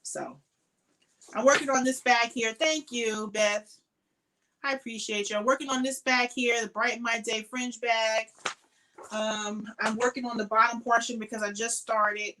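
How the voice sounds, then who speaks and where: A tired woman chats through a crochet livestream from her craft shed at home. She greets viewers by name and trails off with ums. Her voice is bright and clear, with a mid pitch. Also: slight background noise, rough recording. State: tired, sleepy. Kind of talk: casual livestream chat.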